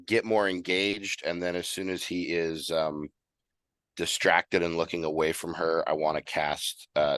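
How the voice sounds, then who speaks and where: Man, player, very low voice, hesitant, thinking aloud, dry close recording. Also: fairly bright tone, no room sound. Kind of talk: describing character actions in a tabletop game.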